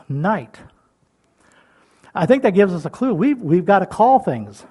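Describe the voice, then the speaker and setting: An older man preaching in a folksy, homey manner, with a fairly high voice. He chuckles often and drops from ringing calls to near whispers. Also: very animated, a little slow, long pauses, husky. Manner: swings between loud calls and soft whispers. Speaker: pastor. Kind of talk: sermon.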